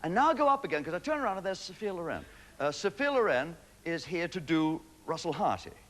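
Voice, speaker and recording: A man hosts a TV show with a stand-up monologue, firing off one-liners in brisk punchline-driven jokes on a studio stage before an audience. His voice sits high and a bit bright, swinging widely in pitch. The noisy recording sounds like a 1980s TV studio full of laughter.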